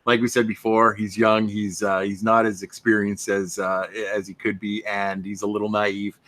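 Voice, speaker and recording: Animated man chatting about a film. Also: fairly low pitch, moderate pace, no echo. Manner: animated, acts out film dialogue with laughs; conversational. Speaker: podcast co-host. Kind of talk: casual film discussion.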